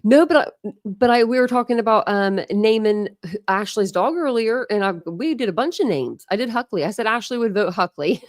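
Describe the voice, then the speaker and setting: A woman's voice: on the high side, lively intonation, moderate pace, no echo, studio quality. A middle-aged woman chatting casually on a livestream, gushing and rambling as she shows family photos.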